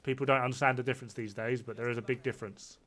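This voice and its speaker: Brief: thirties man, crisp bright voice, rambling, blunt voice-chat gamer. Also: medium pitch, fairly even intonation, racing. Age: 30s. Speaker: player. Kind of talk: casual gaming chat.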